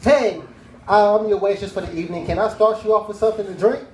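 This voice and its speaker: A man's voice: high-pitched, fast, a little mellow, a little hiss or hum, natural voice. A man putting on a polite young waitress who speaks with chirpy service politeness. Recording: roomy cafe stage.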